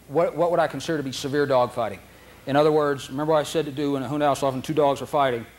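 Man lecturing at a dog training seminar. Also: medium pitch. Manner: anecdotal, laughs often, acts out dogs and handlers.

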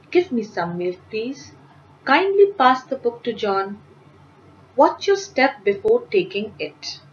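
Slow, careful woman teaching grammar. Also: on the high side, sing-song, highs cut off, slight background noise. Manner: slow, careful, clearly enunciated reading of example sentences. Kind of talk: grammar lesson for children.

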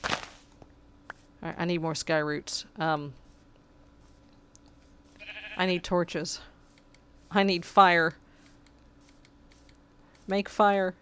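A woman's voice: fairly low pitch, steady tone, very slow, pauses often, a bit bright, a little hiss or hum. A woman giving casual, chatty commentary while she plays a video game, talking back to the creatures and getting exasperated. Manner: sarcastic asides. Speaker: gameplay commentator.

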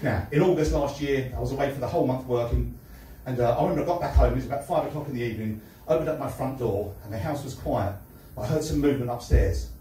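A man from London with a Cockney accent, doing a stand-up comedy set with deadpan one-liners and pauses before punchlines. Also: medium pitch, slight background noise. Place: comedy club stage. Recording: echoey room, heard from a distance.

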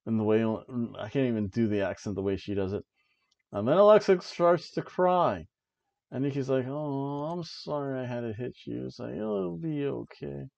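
The recording is muffled, carrying a warm, medium-pitched male voice. He's a wrestling review podcast host chatting casually from an old chair at home, wandering off on tangents and chuckling at his own humor.

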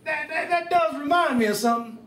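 A man's voice: very high voice, a little fast, a bit bright. A man acting an eighty-year-old man who is hard of hearing and stammers as he asks what was said. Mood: confused. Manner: stammering, asking to repeat. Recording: roomy room sound from a distant camera.

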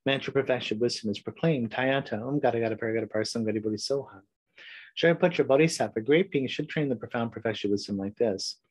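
A man teaching a recorded meditation class, chatting loosely with fillers before reciting a sutra in a steady voice. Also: mid-range voice, fast talker, slightly rough, dry recording, low-quality recording. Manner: relaxed, rambling intro with fillers, then steady recitation. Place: home, recording solo before travel.

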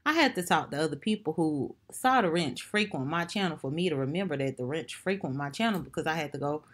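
A woman voicing a pompous self-appointed defense attorney, pushing her voice deliberately low for a comedic courtroom parody. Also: animated. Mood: mock solemn. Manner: deliberately lowered deep voice.

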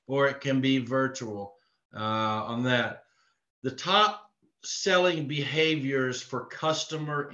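A man's voice: a little high, fairly bright tone. A man from Texas giving a live online sales training, earnest and repetitive in his coaching. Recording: echoey room, dull lo-fi sound.

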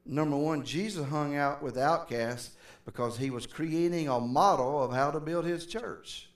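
Unhurried and fairly high-pitched, a middle-aged pastor preaches his sermon conversationally, calling out to the congregation. The sanctuary is roomy and he's recorded from a distance.

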